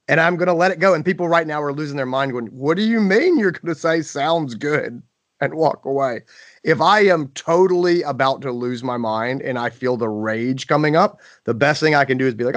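A man's voice: on the high side, fairly quick, no room sound. A man hosting a podcast in casual chat, acting out scenes with playful exaggeration. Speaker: podcast host.

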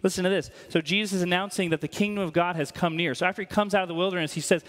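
A pastor with a high, light voice gives a conversational, jokey sermon, frequently throwing "right?" to the congregation. His tone is steady and fairly bright, his pace racing, and a long hall echo from the church rings around him.

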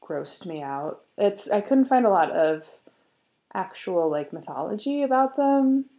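Gravelly-voiced woman telling a story. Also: medium pitch, expressive, measured pace, warm tone. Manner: giggly, with frequent fillers and laughs. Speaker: podcast co-host. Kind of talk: casual chat and story retelling.

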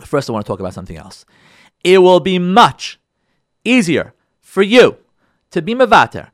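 Animated rabbi a lively, expressive voice. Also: male voice, high-pitched, normal speed, no echo, clean studio sound. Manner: animated, repeats phrases for emphasis, acts out listeners' voices. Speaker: rabbi, show host. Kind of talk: lively Torah talk addressed to listeners.

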